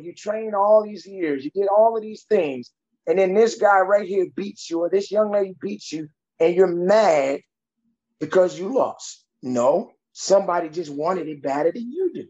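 A man's voice: high voice, darkish tone, lo-fi sound. A man who works as a coach, talking bluntly and emphatically in a conversation and giving tough-love advice. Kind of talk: podcast conversation.

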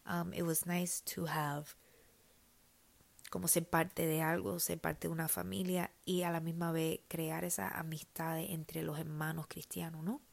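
A woman giving a personal faith testimony, switching between Spanish and English mid-sentence in a soft, confiding way that often sinks to a whisper. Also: low-pitched, level tone, moderate pace, gravelly. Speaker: church member sharing her testimony.

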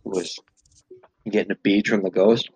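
A man's voice: lowish voice, fairly even intonation, normal speed, breathy edge, no room sound, rough recording. A man chatting casually on a podcast, joking and filling his talk with "like.". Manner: joking, says "like" a lot.

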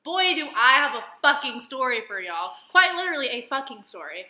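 A woman's voice: sits high, very animated, a little fast, bright, forceful tone. A young woman co-hosting a casual chat, blunt and sassy, swearing heavily. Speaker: podcast co-host.

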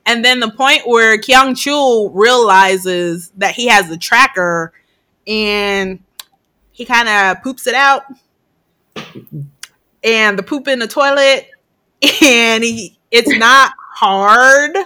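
A podcast co-host with a bright, forceful, clean, rather high voice casually retells a film scene by scene, swearing freely and acting out the characters' lines. She speaks slowly with long pauses, often laughing mid-sentence as she recounts.

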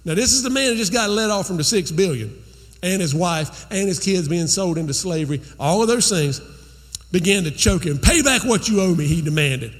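A man's voice: high voice, animated, brisk, long reverb tail. A man preaching a sermon as pastor, conversational and repeating phrases for emphasis.

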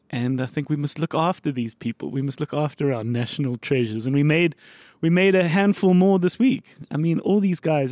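A man hosting a podcast, chatting in a relaxed, reflective way. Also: mid-range voice, no room sound. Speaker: podcast host. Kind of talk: casual podcast chat.

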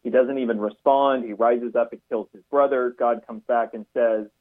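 A man, a pastor and author, talking as a guest on a radio interview in a measured, explanatory way over a narrow, phone-like line. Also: mid-range voice, fairly even intonation.

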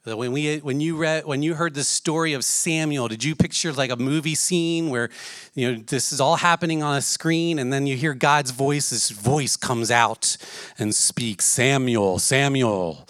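A man's voice: medium pitch, normal speed, fairly bright tone, no room sound, studio quality. A man preaching a sermon in an earnest way, asking his listeners many questions. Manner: earnest, asks the audience questions.

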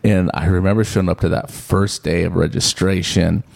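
Gravelly low-voiced man telling his story. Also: moderate pace. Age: middle-aged. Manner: rambling, self-deprecating, animated when quoting others. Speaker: podcast co-host. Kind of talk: casual storytelling chat.

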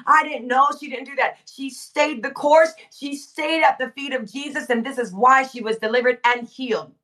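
A woman preaching with fervor, repeating phrases for emphasis and rising to shouts. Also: high-pitched, far from the mic. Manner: fervent, emphatic repetition, swells to shouting. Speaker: guest preacher. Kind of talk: impassioned preaching.

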